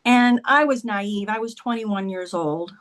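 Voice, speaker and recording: A woman's voice: medium pitch, a little slow. A woman talking as a podcast guest, telling a personal story in a conversational way and often saying "like" and "he goes".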